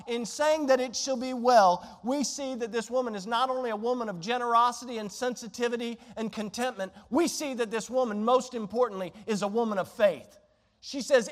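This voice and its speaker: A man preaching a sermon, telling a Bible story in an animated way and throwing rhetorical questions at his congregation. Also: very high-pitched, moderate pace, in a large hall. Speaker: pastor.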